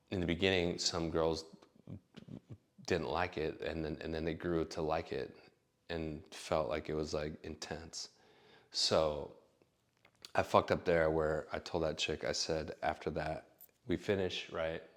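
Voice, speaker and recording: Deep-voiced man telling blunt stories. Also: little pitch movement, slow pace, pauses often. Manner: blunt and profane, rambling with restarts. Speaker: vlogger. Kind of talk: candid personal storytelling.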